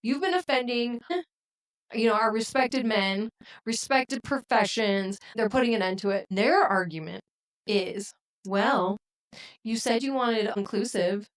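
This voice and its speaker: A woman co-hosting a podcast, talking in casual discussion and making her points in a measured, deliberate way. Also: on the high side, low-quality recording. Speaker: podcast co-host.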